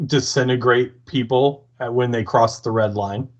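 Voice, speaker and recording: A man's voice: mid-range voice, steady tone, normal speed, muffled recording. A podcast co-host man in casual chat, laid-back and joking. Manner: laid-back, jokey asides.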